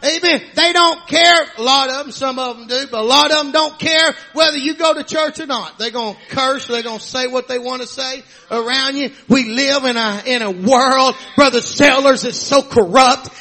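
A man preaching a fervent sermon, often shouting, with frequent amens and hallelujahs. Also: very high-pitched, moderate pace, few pauses.

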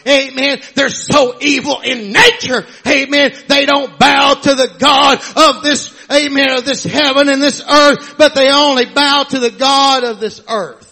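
A man preaching a fervent sermon, often shouting, with frequent amens and hallelujahs. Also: very high voice, fairly even intonation, measured pace, vocal fry, hardly any pauses.

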